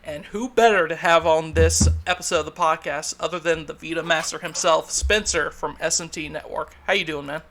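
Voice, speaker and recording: A man with a Southern US accent hosts a casual podcast chat, his voice pitched a bit high and ringing bright. He greets his listeners with upbeat, announcer-like energy. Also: fairly even intonation, fairly quick, hardly any pauses. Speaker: podcast host.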